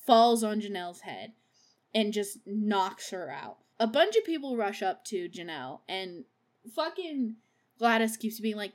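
A woman at a mid-range pitch hosts a podcast and recaps a film scene by scene in loose, casual chat. She swears freely and breaks into giggles, gushing about favorite characters. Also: very animated, unhurried. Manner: profane and laughs often. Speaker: podcast host.

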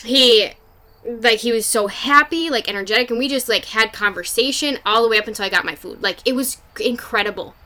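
A woman's voice: on the high side, brisk, pushed and bright. A young adult woman hosting a podcast, telling a personal story in a candid, casual way, swearing freely and filling with "like". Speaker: podcast host.

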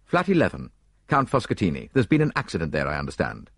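A man voicing a brisk, earnest middle-aged doctor, speaking urgently. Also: low-pitched, huge pitch swings, creaky, a bit bright, husky, no room sound, studio quality, full character voice.

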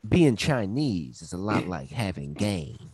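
A man putting on the voice of a smooth, boastful guy who lectures with swagger and laughs at his own lines. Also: low-pitched, sing-song, measured pace, crowd noise. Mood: smug.

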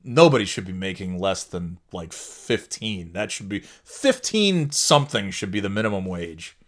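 A man's voice: deep voice, big pitch swings, measured pace, a bit bright. A middle-aged man hosting a podcast in casual chat, rambling and restarting sentences, swearing casually and laughing often. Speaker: podcast host.

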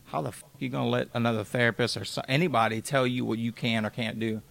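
Gravelly-voiced young man telling a raw story. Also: mid-range voice, fairly even intonation, fast talker, a bit bright. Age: 20s. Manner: blunt and emotional, casual with profanity. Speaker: podcast guest. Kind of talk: candid interview storytelling.

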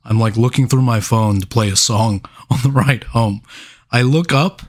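A man's voice: mid-range voice, normal speed. A young man co-hosting a casual podcast, teasing, laughing often and swearing casually. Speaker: podcast co-host. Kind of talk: casual chat.

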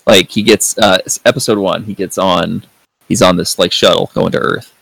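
A man's voice: sits low, fairly even intonation, normal speed, creaky, a bit bright, no room sound, rough recording. A man hosting a podcast in casual review chat, rambling with lots of fillers and free swearing. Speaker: podcast host.

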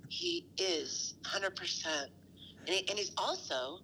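A woman on a comic phone call, calmly reassuring her friend, then oversharing in deadpan style. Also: fairly low pitch, takes it slowly, a little hiss or hum. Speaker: caller.

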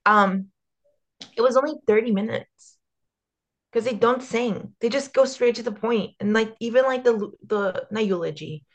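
A woman's voice: a little high, moderate pace. Blunt, sarcastic young woman. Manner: blunt, sarcastic, swears freely. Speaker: podcast co-host. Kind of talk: casual chat.

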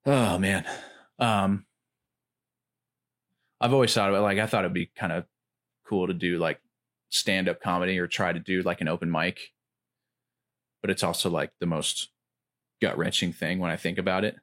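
A man chatting casually about comedy, rambling with lots of filler words and getting animated when he retells jokes. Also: deep voice, moderate pace, long pauses. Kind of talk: casual chat.

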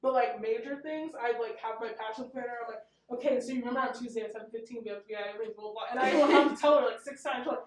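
A woman's voice: fairly high pitch, rapid-fire, hardly any pauses. A young woman who owns a small business, chatting casually, laughing often and swearing freely. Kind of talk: casual chat. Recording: roomy, mic at a distance.

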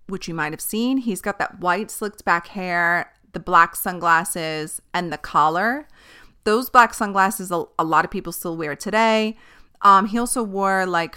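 A woman's voice: on the low side, pushed and bright, clear, resonant tone. A young woman hosting a casual solo podcast, chatty and candid, swearing and laughing easily. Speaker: podcast host.

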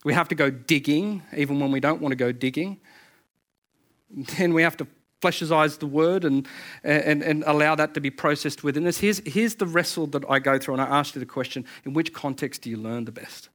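Animated pastor preaching. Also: male voice, a little high, fairly quick. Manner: animated, repeats words as he builds emphasis. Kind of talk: sermon. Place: church service.

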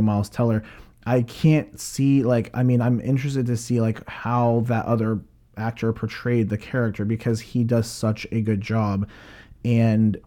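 A man's voice: mid-range voice, dark tone. A man giving a casual, rambling film review, full of fillers and restarts.

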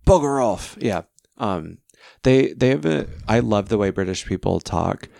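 A man's voice: lowish voice, lively intonation, unhurried, gravelly, a little mellow, no echo, studio quality. A man hosting a podcast, chatting casually and telling self-deprecating stories. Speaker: podcast host. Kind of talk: casual chat.

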